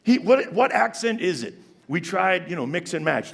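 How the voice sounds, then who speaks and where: A man doing stand-up comedy on a theater stage, animated and ironic as he talks to the audience. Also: fairly high pitch, normal speed, gravelly. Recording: long reverb of a stage hall.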